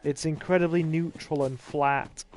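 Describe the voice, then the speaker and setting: A man's voice: a little high, steady tone, a little slow, a little mellow, a little hiss or hum. A man, casually commentating a livestreamed game with dry, self-deprecating remarks to his chat, dry-mouthed from thirst. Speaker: gaming streamer.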